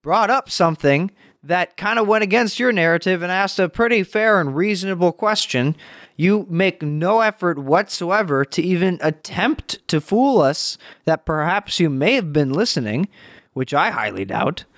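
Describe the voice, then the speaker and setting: A man commenting on a TV clip at home, sarcastic and profane, jumping into high mocking voices. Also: expressive, moderate pace, a bit bright, no room sound, clean studio sound. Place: home room. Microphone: home mic being tested.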